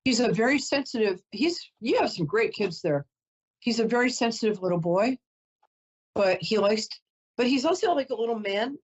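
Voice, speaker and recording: A woman's voice: a little high, expressive, moderate pace, breathy edge, dull audio. A woman giving a live call-in psychic reading, chatty and emotional, often breaking off to apologize. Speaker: psychic reader.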